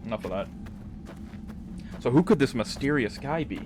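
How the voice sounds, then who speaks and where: A man's voice: mid-range voice, expressive, moderate pace, darkish tone, a little hiss or hum. A young Canadian man giving casual, sweary, joking let's-play commentary. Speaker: gaming video host.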